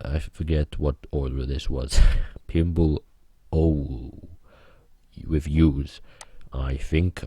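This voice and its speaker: A man giving casual tier-list commentary, rambling and deadpan with lots of hesitations. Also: extremely low pitch, slightly rough, dry recording. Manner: rambling, deadpan joking with many fillers. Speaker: online video creator ranking channels.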